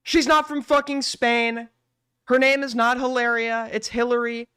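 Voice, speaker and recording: A man's voice: very high-pitched, level tone, unhurried, bright, forceful tone, smooth, no echo, studio quality. A man hosting a stream, ranting in an incredulous, profane tone and repeating his points. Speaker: streamer host. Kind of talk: ranting commentary.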